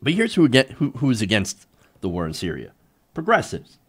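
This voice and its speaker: A young man hosts an online political commentary show in a loose, opinionated, conversational way. He hesitates and restarts often. His pitch rises and falls in a lively way as he talks. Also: moderate pace, husky.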